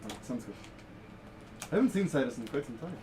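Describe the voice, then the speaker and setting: A courteous male ally, Orphius, as a game master puts him on with a loose Russian-tinged accent. He speaks softly and a little low, with polite, measured greetings. It is an improvised tabletop role-play voice. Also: big pitch swings, background noise, close to an everyday voice. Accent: attempted Russian accent.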